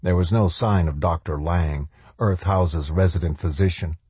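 Deep, husky male audiobook narrator. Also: moderate pace, darkish tone, dry recording.

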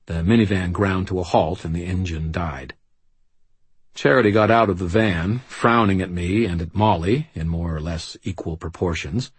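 A man's voice: low-pitched, moderate pace, husky, no echo. A man giving dry, wry first-person narration for an audiobook.

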